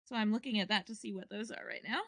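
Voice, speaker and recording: A woman's voice: medium pitch, fast, a bit bright, no echo. A woman narrating as game master of a tabletop game, meandering with many fillers and restarts.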